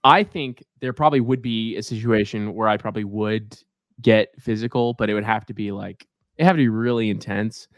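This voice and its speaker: A man's voice: lowish voice, fairly quick, no room sound, clean studio sound. A young man co-hosting a podcast in casual, joking chat. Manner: joking, animated. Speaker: podcast co-host.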